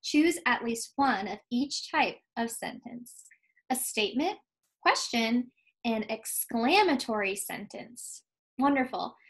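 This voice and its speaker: A woman teacher giving a recorded lesson to young children, patient and clear, slowing down to stress key words. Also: a little high, expressive, rough recording. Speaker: second grade teacher.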